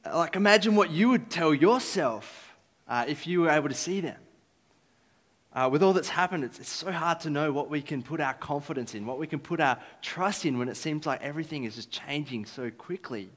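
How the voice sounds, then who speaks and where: A man's voice: fairly high pitch, animated, moderate pace, a bit bright. A man giving a casual, filler-filled talk about trust at a church gathering. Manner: casual, chatty with many fillers. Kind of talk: sermon-style talk. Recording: echoey hall.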